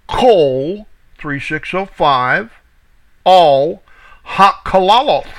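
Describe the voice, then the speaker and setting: A man teaching from scripture, reading each verse slowly and deliberately, calling out reference numbers and stressing key words. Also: on the high side, animated, rough recording. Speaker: Bible teacher. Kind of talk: scripture reading with word study.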